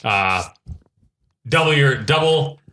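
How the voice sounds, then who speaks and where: A man's voice: mid-range voice, lively intonation, slow. A man co-hosting a podcast who retells a film scene by scene in casual chat, acting out the characters' lines as he goes. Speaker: podcast co-host. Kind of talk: casual movie review chat. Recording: echoey room with light noise.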